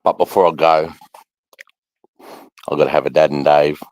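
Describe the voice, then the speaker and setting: Super deep aussie guy just rambling, swears a lot, dry close sound. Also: level tone, normal speed, darkish tone, no room sound, poor audio. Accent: Australian. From Australia. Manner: rambling, sweary, sighing between thoughts. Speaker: vlogger. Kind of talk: casual rambling monologue.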